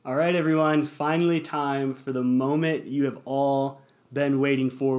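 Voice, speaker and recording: A man's voice: mid-range voice, level tone, moderate pace, a little mellow. A man hosting a podcast, talking casually and earnestly, encouraging listeners and speaking to them directly. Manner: conversational, with fillers and self-corrections. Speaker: podcast host. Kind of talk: casual motivational podcast talk.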